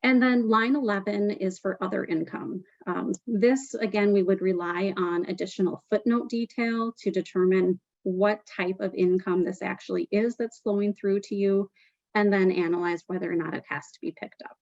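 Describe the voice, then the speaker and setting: A woman's voice: mid-range voice, fairly even intonation, normal speed, gravelly, a little mellow, dry recording, dull audio. A woman presenting a tax webinar, explaining step by step with frequent "um" fillers.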